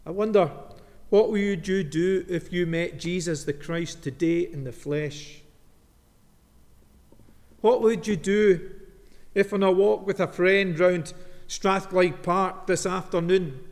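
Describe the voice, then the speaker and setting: A man delivers a sermon, pausing for effect as he tells his story. His voice sits high for a man. A long church reverb trails every phrase. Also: darkish tone. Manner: storytelling with dramatic pauses. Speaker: minister. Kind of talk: sermon with Bible reading.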